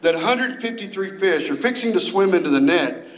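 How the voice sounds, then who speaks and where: A man preaching a sermon as a youth minister, telling the story in a folksy, animated way with playful put-on voices. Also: high voice, brisk, reverberant, poor audio.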